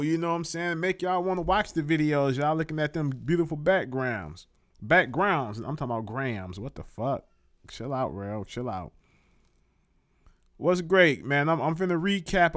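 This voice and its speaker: A man's voice: mid-range voice, dry recording, studio quality. A man hosting a live online show, giving casual, profane commentary and repeating words for emphasis.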